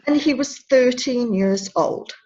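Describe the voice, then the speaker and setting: A woman's voice: fairly high pitch, a little slow, warm tone, dull audio, slight background noise. A woman in her fifties telling a personal story in an interview, earnest and emotional, often stopping and restarting her words. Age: 50s. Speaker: interview guest, anti-bullying advocate.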